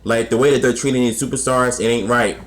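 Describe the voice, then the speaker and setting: A man's voice: medium pitch, fairly even intonation, fast, very noisy. A man reacting to a clip in casual commentary, heartfelt and plain-spoken with sighs. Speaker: video reactor.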